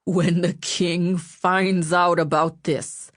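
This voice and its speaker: Audiobook reader voicing a furious male spymaster, snarling, unhurried menace. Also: deep voice, no echo, clean studio sound. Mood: menacing. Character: scheming male royal spymaster, furious and bullying.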